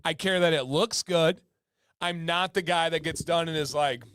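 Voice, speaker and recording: A man hosting a casual livestream chat, emphatic and fond of repeating words for stress. His voice sits a bit high for a man and is heard close and dry, with no room echo. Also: moderate pace, fairly bright tone, smooth. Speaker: livestream host.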